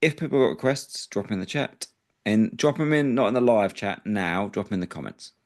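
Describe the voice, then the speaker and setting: A man's voice: fairly low pitch, a little fast, a little mellow. A man co-hosting a casual sports podcast, joking and bantering with his friend. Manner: banterish, jokey. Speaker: podcast co-host. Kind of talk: casual chat.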